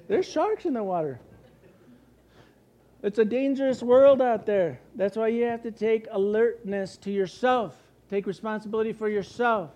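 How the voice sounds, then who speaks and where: Middle-aged male pastor from the US, high voice, animated preaching, answers his own questions. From United States. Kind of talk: sermon.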